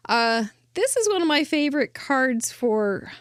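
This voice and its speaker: Bubbly higher-voiced woman hosting a craft show. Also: sing-song, a little slow, no echo, clean studio sound. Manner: chatty and enthusiastic, with frequent fillers and asides. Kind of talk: chatty live craft show commentary.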